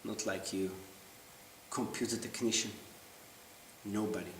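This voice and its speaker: A man performing a theatrical monologue in an intense, halting, confessional way. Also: fairly low pitch, steady tone. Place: theater stage. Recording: roomy stage sound from far off, faint hiss.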